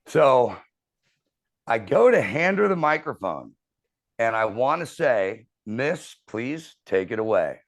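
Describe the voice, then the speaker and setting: A man in his thirties telling a profane, animated story as a podcast host in casual chat. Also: mid-range voice, takes it slowly.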